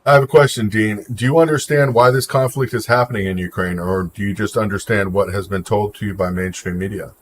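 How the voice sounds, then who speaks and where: A man's voice: fairly low pitch, brisk, few pauses, a little hiss or hum. Opinionated man chatting on a livestream. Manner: opinionated, talks back to chat by name. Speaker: livestream host. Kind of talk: casual livestream chat reacting to viewer comments.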